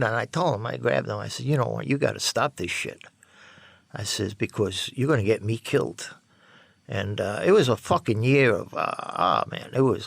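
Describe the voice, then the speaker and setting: An older man telling rambling, profane stories with lots of halting restarts. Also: medium pitch, creaky, a bit bright, no room sound. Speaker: interviewee. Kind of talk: personal storytelling.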